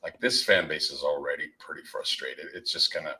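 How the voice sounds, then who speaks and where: A man's voice: extremely low pitch, steady tone, a little fast, bright, forceful tone, poor audio. A man, ranting in casual sports talk as a podcast co-host. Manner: exasperated ranting.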